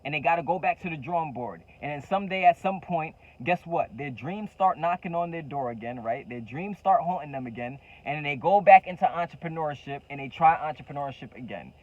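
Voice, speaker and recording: Fervent, higher-voiced motivational man. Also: lively intonation, fairly quick, few pauses, a little mellow, highs cut off. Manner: fervent, repeats key phrases, casual slang. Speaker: entrepreneur coach and channel host. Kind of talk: motivational direct-to-camera talk.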